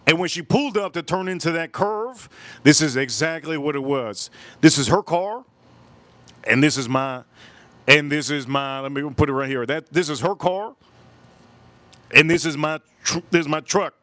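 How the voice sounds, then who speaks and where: A man hosting a live stream tells a story with lots of emphasis, often repeating his words. His voice sits a bit high for a man. The sound is dry, with no room echo. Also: normal speed. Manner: animated, emphatic, repeats phrases. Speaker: livestream host.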